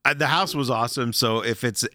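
Midwestern guy cohosting a chat show, bright voice, dramatic when reading stuff out. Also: medium pitch, brisk, dry recording, studio quality. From Chicago area. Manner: animated, reads descriptions dramatically. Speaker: podcast co-host. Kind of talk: casual chat.

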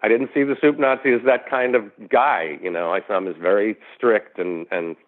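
A male actor guest telling a long anecdote in an animated way, acting out the voices of people he quotes. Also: lowish voice, normal speed. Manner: animated storyteller who acts out quoted voices. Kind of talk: storytelling interview anecdote. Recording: tinny phone-like line.

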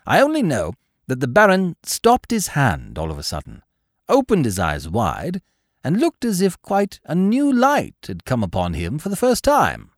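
A man narrating a classic tale as an audiobook, expressive and measured. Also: a little high, no room sound, clean studio sound.

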